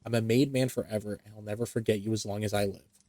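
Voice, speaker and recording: A man's voice: lowish voice, fairly even intonation, fast, dark tone, no room sound, close to an everyday voice. A man reading as a giddy, overjoyed man. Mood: exultant. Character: giddy man thrilled by sudden fortune.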